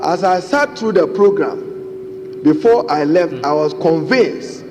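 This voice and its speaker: A man's voice: a little high, animated, slow pace. A man with a Ghanaian English accent, a member of parliament giving a formal speech and repeatedly addressing the Speaker in a parliament chamber. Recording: reverberant chamber with faint noise.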